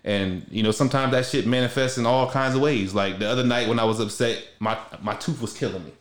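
A young man talks in a loose, slangy way, circling back and restarting his thoughts. His voice sits at a middle pitch. The room around him is echoey. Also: fast talker. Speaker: podcast host. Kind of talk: casual heartfelt conversation.

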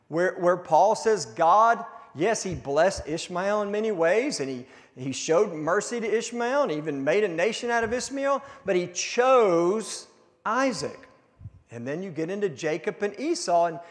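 A man pastor giving a conversational sermon with a recurring cough, restarting words and slowing down for emphasis. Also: high-pitched. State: coughing now and then. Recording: long hall reverb.

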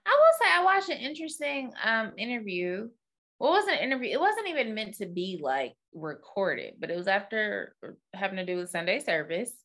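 A woman's voice: mid-range voice, very animated, a little fast, a bit bright. A woman co-hosting a podcast, chatting casually and rambling with fillers and asides. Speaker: podcast co-host. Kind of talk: casual chat.

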